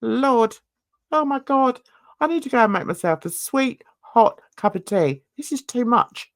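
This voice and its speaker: Chatty woman, very lively pitch. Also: a little slow, dry recording, studio quality. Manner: chatty, exclamatory, rambling asides. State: toothache. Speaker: crime reaction channel host. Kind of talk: casual reaction vlog chat.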